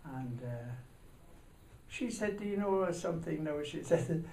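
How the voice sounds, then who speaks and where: A man's voice: a little high, animated, measured pace, creaky. Rambling man telling a story. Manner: rambling storyteller, acting out shouting voices. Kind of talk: telling a comic anecdote. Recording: echoey room, mic far off, noisy.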